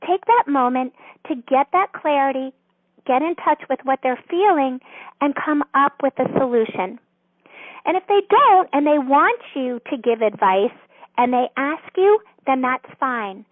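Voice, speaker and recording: Woman guest, high voice, gentle teacherly explainer, tinny dry phone line. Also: dry recording. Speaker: author and guest. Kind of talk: interview explaining a counseling method.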